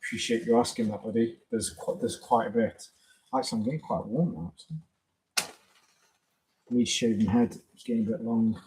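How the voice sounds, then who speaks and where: A man's voice: mid-range voice, brisk, pauses often, warm tone, a little hiss or hum, poor audio. A man hosting a casual live stream, rambling along and greeting viewers by name as they drop in.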